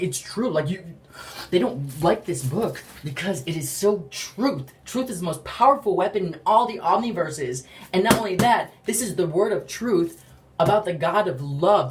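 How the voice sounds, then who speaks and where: A speaker giving a casual faith testimony, rambling with lots of "like" and acting out quotes animatedly. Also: medium pitch. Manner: rambling, heavy use of "like"; animated storytelling with acted-out quotes. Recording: roomy, distant from the mic.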